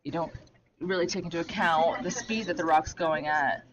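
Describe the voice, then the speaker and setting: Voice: medium pitch, moderate pace, dull audio. A co-host at a curling club, talking casually and laughing often about learning the sport. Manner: laughs often, upbeat, chatty. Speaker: co-host and new curler. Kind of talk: casual live commentary. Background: loud crowd chatter.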